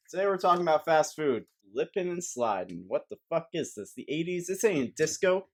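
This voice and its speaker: A man's voice: a little high, big pitch swings, fairly quick, hardly any pauses. A young man giving a rambling, sarcastic comedic rant to camera as a vlogger, swearing often.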